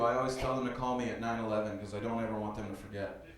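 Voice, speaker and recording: A man performing a stand-up comedy set on a club stage, rambling loosely with many fillers and telling dark jokes flatly. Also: mid-range voice, racing, crowd noise. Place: comedy club stage before a live audience. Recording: roomy club sound, distant mic.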